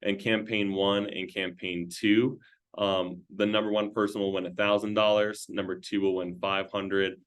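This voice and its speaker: A man's voice: fairly low pitch, little pitch movement, clear, resonant tone. A man giving a training talk to a sales team, firing off questions in a loose, conversational way. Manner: rapid-fire string of questions, loose and conversational.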